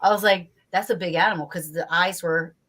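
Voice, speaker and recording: A woman from New Jersey, a guest on a talk show, telling a story in a lively, casual way, acting out her own reactions and swearing freely. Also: on the low side, fairly quick. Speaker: guest investigator.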